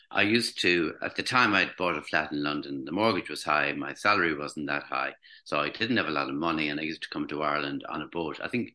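A man in his sixties speaks in a very deep voice that still has a sharp, bright edge. He recalls his past in a personal storytelling style, pausing and restarting as he feels his way through each thought. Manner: reflective, hesitant, with restarts. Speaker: former teacher recounting recovery.

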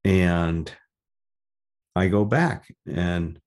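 A man's voice: low voice, extremely slow, a little mellow. Candid, reflective man telling a story. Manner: conversational, candid, reflective, swears casually. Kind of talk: personal storytelling talk.

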